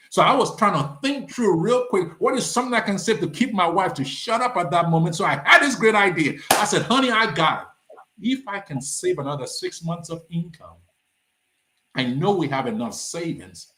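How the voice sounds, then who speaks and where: A man from Nigeria, a nonprofit founder, telling his story as a podcast guest and acting out the dialogue with big swings in pitch. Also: animated, moderate pace, sharp tone, reverberant. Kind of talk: animated storytelling in a podcast interview.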